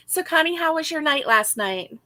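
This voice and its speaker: A woman's voice: high-pitched, bright, forceful tone, no room sound. A woman co-hosting a casual crochet-along, chatty and giggly as she greets viewers by name. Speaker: crochet co-host.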